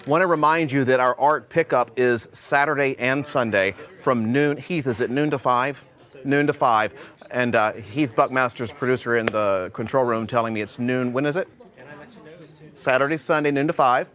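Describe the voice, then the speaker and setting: Male phone bank host, mid-pitched, energetic, pushes viewers to call. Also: normal speed. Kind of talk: live TV pledge pitch. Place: TV studio.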